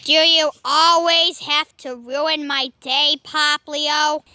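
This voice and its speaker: A woman's voice: high voice, steady tone, slow pace, bright, forceful tone, no room sound, exaggerated voice. Woman doing a sighing, weary ghost puppet. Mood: exasperated. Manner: sighing, exasperated, stammering. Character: weary, easily annoyed male puppet ghost. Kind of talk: homemade toy skit.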